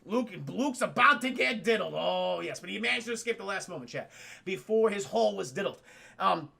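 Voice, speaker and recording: A man casually recapping a movie for a live chat, animated, joking and swearing freely. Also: high-pitched, a little fast, creaky. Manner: animated, profane, jokey. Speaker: streamer.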